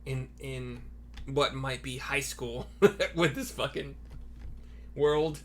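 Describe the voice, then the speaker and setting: A man's voice: medium pitch, slow pace, a little hiss or hum. A man running a tabletop game as game master, narrating casually with fillers. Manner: relaxed, with fillers, breaks into laughs.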